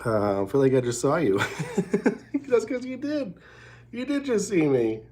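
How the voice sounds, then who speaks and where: A man's voice: on the high side, very animated, unhurried, darkish tone. Guy rambling to his stream from a hotel room, lots of swearing, keeps restarting his sentences. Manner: rambling and profane, with many restarts. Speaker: show host. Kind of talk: casual late-night livestream chat.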